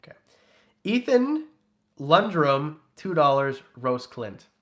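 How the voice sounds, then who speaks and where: A man's voice: on the high side, big pitch swings, slow pace, a bit bright. A man hosting a casual livestream, reading super chats and teasing in a joking, rambling way. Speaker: livestream host.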